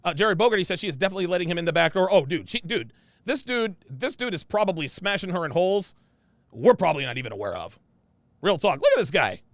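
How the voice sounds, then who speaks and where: Lively, gravelly man hosting a stream. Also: high voice, quick pace, no echo. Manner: blunt, slangy, repeats phrases for emphasis. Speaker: livestream host reading viewer comments. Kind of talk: casual livestream commentary.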